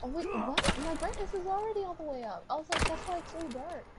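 A woman's voice: extremely high pitch, lively intonation, fast talker, crowd noise. A young woman chatting casually while playing a game with a friend, teasing and mixing in Spanish phrases. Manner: teasing, laughs a lot, drops Spanish phrases. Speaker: gamer. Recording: noisy live stream audio.

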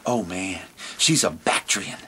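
A man voicing a cocky, lovesick male dromedary camel that mumbles low and calls others fool. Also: slow pace, bright, forceful tone, a little hiss or hum, heavily acted. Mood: smug.

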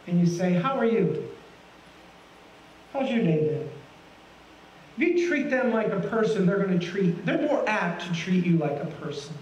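A middle-aged man preaches in a high, lively voice, folksy and full of questions for his listeners. He is heard from a distance in a roomy church sanctuary, with faint laughter from the congregation behind him. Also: a little slow, long pauses, dull audio, a little hiss or hum. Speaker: guest pastor. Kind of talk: sermon.

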